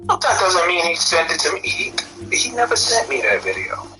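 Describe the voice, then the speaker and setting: A man's voice: fairly high pitch, wildly swooping pitch, normal speed, pushed and bright, faint music behind, rough recording. A man in casual chat, arguing back and bickering with his partner. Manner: bickering, argumentative. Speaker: co-host partner.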